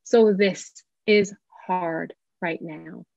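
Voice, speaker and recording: A woman's voice: lowish voice, fairly even intonation, extremely slow, creaky, no room sound. A woman psychotherapist giving an online parenting workshop over a video call, talking casually and acting out what parents say. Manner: warm, chatty, acts out parents' quotes. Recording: dry, slightly dull video-call audio.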